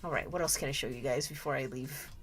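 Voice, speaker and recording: A woman's voice: rumbling low, fast talker, a bit bright. A woman streamer chatting casually with viewers while she draws, giggling often and trailing off into restarts mid-thought. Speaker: streamer drawing live. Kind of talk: casual livestream chat while drawing. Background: faint background music.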